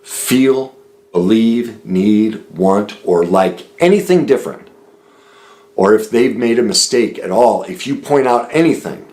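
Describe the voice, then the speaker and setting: A man's voice: lowish voice, expressive, a little slow, darkish tone, low-quality recording. A man streaming a solo talk, earnest and emphatic as he explains a book and repeats his points in lists.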